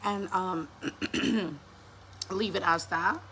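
A woman's voice: lowish voice, drawn-out words, slight background noise. A woman in her thirties, a mother, telling a story in a casual vlog, cursing and acting out what people said. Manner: animated, profane, acts out quotes. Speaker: mother vlogger.

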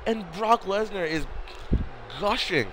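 A tired man giving excited, disbelieving play-by-play wrestling commentary with rambling asides. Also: sits high, slow pace, noisy background.

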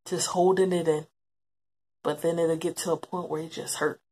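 A woman's voice: low voice, little pitch movement, normal speed, mellow, slightly rough. A woman giving emotional personal testimony about her brother, reflective and repeating phrases for emphasis. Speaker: interviewee recalling her brother.

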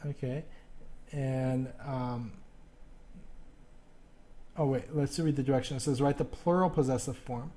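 A male teacher giving a recorded grammar lesson, speaking haltingly with many fillers and restarts. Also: mid-range voice, fairly even intonation, dark tone.

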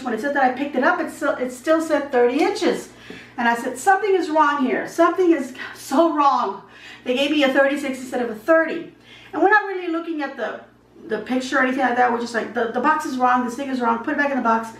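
A high-pitched woman vlogger chats her way through a long, digressive story as she cooks at home. The kitchen echoes, she's far from the microphone, and there's slight background noise.

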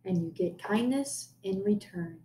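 A kind, hopeful poor farmer from a folk tale, read aloud by a woman in an earnest, plain storybook way. The voice sits fairly high. The room around it rings with echo. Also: animated, a little slow, dark tone.

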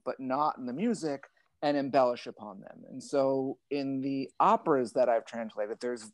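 A man's voice: medium pitch, no echo. Guy on a zoom call rambling thoughtfully about his writing, wry and self-mocking, dry sound. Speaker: librettist and translator. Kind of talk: casual conversation over a video call. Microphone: video call.

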